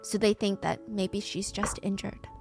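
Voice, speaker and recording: A woman narrating a scripted true-crime story in a brisk way, acting out the quoted speech as she goes. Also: mid-range voice, steady tone, creaky, faint music behind.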